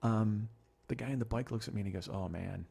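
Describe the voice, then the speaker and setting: Gravelly, husky man telling a rambling story. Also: lowish voice, quick pace. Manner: profane, rambling, animated retelling. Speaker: podcast host. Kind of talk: storytelling monologue.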